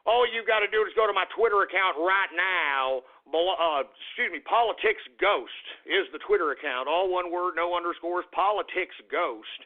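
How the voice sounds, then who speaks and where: A man hosting a radio talk show, ranting abrasively with profane shouted insults at listeners. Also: high voice, normal speed, few pauses. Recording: phone-like lo-fi radio sound.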